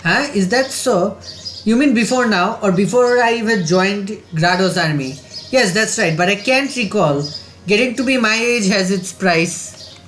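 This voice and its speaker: A man's voice: high voice, unhurried, a bit bright. A man reading a modest aging general. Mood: kindly.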